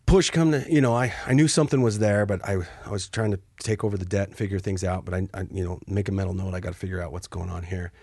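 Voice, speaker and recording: A man with a low, husky voice tells war stories as a podcast guest. He acts out what people said, jumping to high yelps or dropping to a hush. The sound is close and dry. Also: quick pace, few pauses, no echo. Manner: animated, acts out quotes with sudden high yelps and hushed asides. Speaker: podcast guest, Army helicopter pilot. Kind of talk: casual storytelling.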